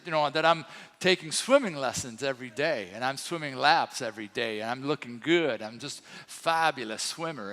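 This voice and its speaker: A man in his sixties with a light French accent preaches in a relaxed, storytelling way, full of little fillers. His voice sits a bit high for a man. It rings out with a long church-hall reverb. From France. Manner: storytelling, chatty with many fillers. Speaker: co-pastor. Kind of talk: sermon. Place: church sanctuary.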